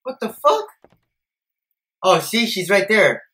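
A young man commentating a horror video game, jumpy and profane, swinging between low mutters and shouted panic. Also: very animated, slow, long pauses. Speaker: gameplay streamer.

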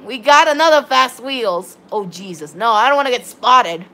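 A woman giving excitable, rambling live commentary on her gameplay while chatting with viewers. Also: a little high, moderate pace. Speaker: game streamer.

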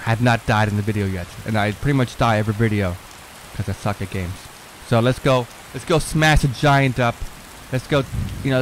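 A man's voice: mid-range voice, a little hiss or hum, rough recording. Gamer guy, casual commentary, loose and rambling, cusses a lot, hypes everything on screen. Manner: excitable, swears freely, talks to the screen; rambling with many fillers and repeats. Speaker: gamer showing off a modded game.

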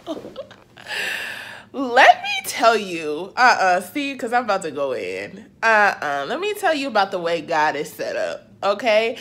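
A woman's voice: mid-range voice, very animated, normal speed, a bit bright, slight background noise. A young woman from Ohio vlogging from a hotel room, gushing and tearful as she talks straight to her viewers. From Akron, Ohio. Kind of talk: emotional vlog chat.

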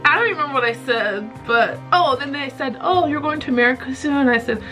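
A woman vlogger tells a story straight to her camera in a chatty, animated way, laughing often. Her voice sits fairly high, with soft music playing faintly underneath. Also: brisk. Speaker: YouTuber vlogger.

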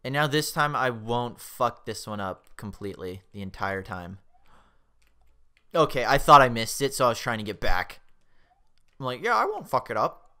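A man's voice: mid-range voice, moderate pace, long pauses, smooth. A young man commentating his own gameplay, swearing a lot and yelping when the game startles him. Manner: excitable, swears often, yelps when startled. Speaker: let's play host.

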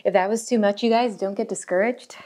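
A woman's voice: medium pitch, steady tone, brisk, dark tone. Encouraging woman cueing a workout. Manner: upbeat, encouraging, counts reps aloud. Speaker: pilates and barre instructor. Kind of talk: cueing a home workout class. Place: home workout space. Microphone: lapel mic pack.

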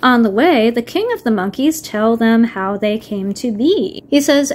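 A woman with a somewhat high voice narrates a story recap in a casual manner. She moves between reading passages aloud and wry, offhand comments. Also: lively intonation, measured pace, hardly any pauses, darkish tone. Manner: wry asides mixed with read-aloud passages. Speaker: video reviewer. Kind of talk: casual book-summary narration.

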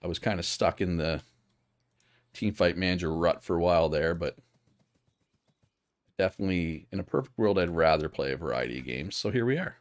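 A man with a low, deep voice gives casual live commentary on a strategy game. He thinks aloud and stops to answer viewers' chat. The recording is dry and close. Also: expressive, a little fast, long pauses, no echo. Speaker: streamer.

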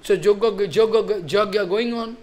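High-voiced man telling a sacred story. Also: a little mellow. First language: Bengali. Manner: halting, repeats phrases, asks listeners if they follow. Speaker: religious teacher. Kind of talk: sermon storytelling.

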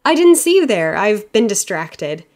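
A woman's voice: mid-range voice, big pitch swings, a little slow, a little mellow, voice pushed up. A woman narrating an audiobook, reading the lines of a friendly, earnest young woman intern in a slightly lifted voice.

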